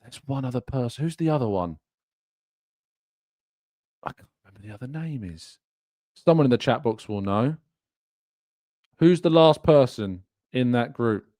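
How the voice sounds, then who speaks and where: A man's voice: medium pitch, lively intonation, moderate pace, pauses often, dark tone, no echo, studio quality. A man hosting a live fan show, chatting loosely and laughing as he reads out viewer comments. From England. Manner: chatty, rambling, laughs often. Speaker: podcast host. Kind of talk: live-stream chat, reading viewer comments.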